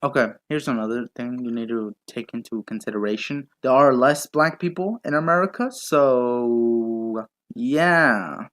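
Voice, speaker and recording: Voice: mid-range voice, unhurried, a bit bright. A young adult commentator talking back to video clips in a mocking, sarcastic way, often swearing and interrupting. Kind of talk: reaction commentary.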